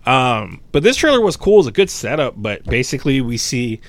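A man co-hosting a podcast, rambling in casual, animated chat and swearing freely. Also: mid-range voice, a little fast, dry recording. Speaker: podcast co-host.

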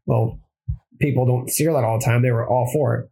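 A man's voice: medium pitch, steady tone, quick pace, vocal fry, dark tone, slightly rough, low-quality recording. A man who is a plumber and former Marine, telling his story in a casual interview, rambling with frequent restarts and self-corrections.

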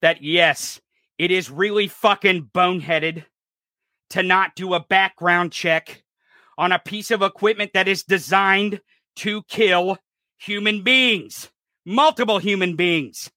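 A man's voice: high voice, slow, sharp tone, dry recording, studio quality. Furious profane man ranting in his thirties. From rural United States. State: enraged. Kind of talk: angry political rant.

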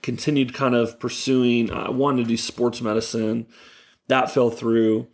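A young man, a youth pastor, telling animated stories in casual chat with lots of fillers. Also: mid-range voice, measured pace. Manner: animated, laughing storyteller with many fillers. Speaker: youth pastor, podcast guest.

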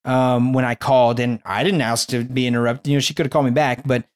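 A young man telling a personal faith story in casual chat, animated and rambling with many restarts. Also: mid-range voice, quick pace.

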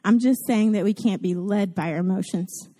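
A mother with a Southern US accent giving a casual, chatty Mother's Day sermon to her church, self-deprecating and lively in how she tells it. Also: mid-range voice, normal speed. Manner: chatty and self-deprecating, acts out gushing voices. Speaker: guest preacher at a church service.

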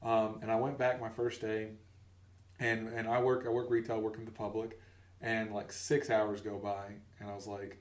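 Animated storytelling man on a podcast. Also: lowish voice, normal speed, roomy sound, distant mic. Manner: animated, acts out voices in his stories. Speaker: podcast co-host. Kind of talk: casual comedic storytelling.

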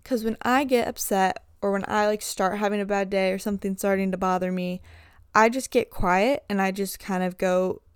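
A woman's voice: mid-range voice, steady tone, normal speed, clean tone, no echo, studio quality. A young woman hosting a casual podcast monologue as a swim coach, chatty and full of "like" fillers.

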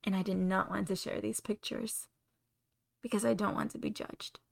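A young woman with a Spanish accent, talking openly and confessionally as a podcast host, sometimes pausing to find her words. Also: medium pitch, fairly even intonation, vocal fry. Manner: open, confessional, searching for words. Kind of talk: candid solo podcast monologue.

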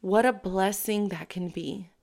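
An animated woman talks straight to camera in a casual motivational style. She leans hard on her emphasis, and her voice swings as she acts out her own inner thoughts. She sounds sure of herself throughout. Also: medium pitch, measured pace, gravelly. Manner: self-assured. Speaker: motivational vlogger.

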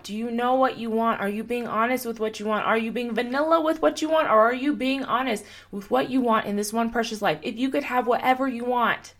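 A young woman hosts her own motivational podcast alone. She talks in an earnest, encouraging way and keeps asking her listener gentle, repeated questions. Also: a little high. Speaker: podcast host and coach. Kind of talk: solo motivational podcast talk.

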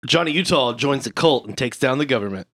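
A man's voice: medium pitch, fast talker. Guy hosting a movie quiz on a podcast, teasing and swearing, voice jumps around a lot. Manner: teasing, lively, swears casually. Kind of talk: casual chat.

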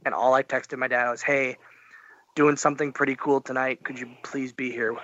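A man's voice: mid-range voice, flat delivery, moderate pace, bright, forceful tone, no room sound, lo-fi sound. A man as a podcast guest, telling a story animatedly and acting out the dialogue. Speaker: interview guest. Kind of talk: podcast interview.

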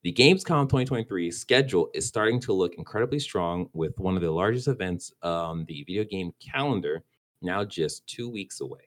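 A man with a low voice co-hosts a laid-back gaming podcast. He rambles, trips over his words and restarts his sentences, chuckling as he goes. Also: expressive, fairly quick. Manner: rambling, stumbles and restarts, laughs easily. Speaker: podcast co-host. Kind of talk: casual gaming podcast chat.

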